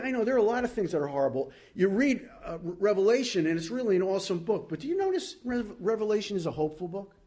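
A man preaching a sermon as pastor, animated, swinging from loud exclamations to low asides. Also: husky.

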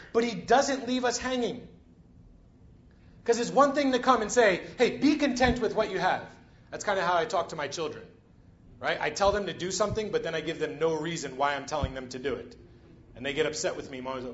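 A man's voice: sits high, muffled recording, slight background noise. A man preaching a sermon in a conversational way, often checking in with the congregation. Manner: conversational, frequent "right?" and "you know".

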